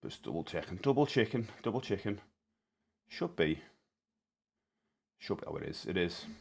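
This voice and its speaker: A British man in his forties talks casually on his live stream, rambling with lots of fillers and quick greetings to viewers. His voice sits on the low side. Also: sing-song, gravelly, slightly rough.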